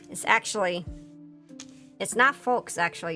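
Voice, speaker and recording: A VTuber streamer with a Philadelphia accent chats casually while assembling a model kit, rambling with plenty of fillers and restarts. Her voice sits a little high and swings widely in pitch, with a sharp edge, a moderate pace, and long pauses. Faint music plays in the background.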